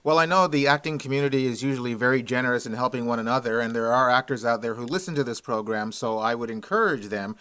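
A man's voice: mid-range voice, fast, few pauses, a bit bright, clear, resonant tone. A Canadian man hosting a radio interview program, speaking in a polished, announcer-like way. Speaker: radio host.

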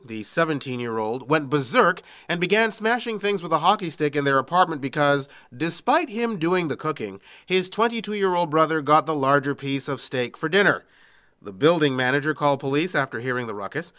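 A man hosting a comedy news roundup podcast, reading odd stories and dropping wry deadpan asides. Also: a little high. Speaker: podcast host.

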